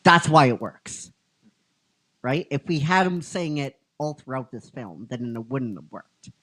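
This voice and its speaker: A man's voice: medium pitch, expressive, a little slow, pushed and bright. A man casually retelling a fan-written story, rambling, laughing often and teasing his cohost. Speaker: storyteller narrating a fan script.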